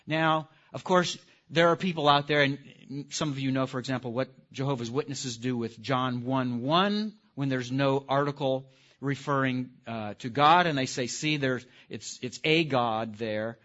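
A man's voice: mid-range voice, normal speed, fairly bright tone. A man lectures to a live class, stressing key words and tossing questions at his listeners. His voice sits in a middling register. The recording is muffled and lo-fi. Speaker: teacher. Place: room with a live audience. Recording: dull lo-fi recording.

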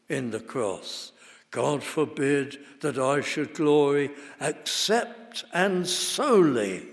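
A man preaching slowly and deliberately, his fairly high voice carrying through a large hall with a long echo. He leans hard into key words, building to forceful bursts. The sermon style is old-fashioned and measured. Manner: emphatic, rising to forceful bursts.

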